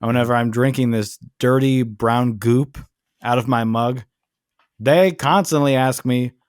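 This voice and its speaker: A man's voice: medium pitch, a little slow, clear, resonant tone, no room sound, clean studio sound. A man co-hosting a comedy podcast, chatting casually and riffing jokes. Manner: riffing, joking, slipping into silly voices. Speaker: podcast co-host.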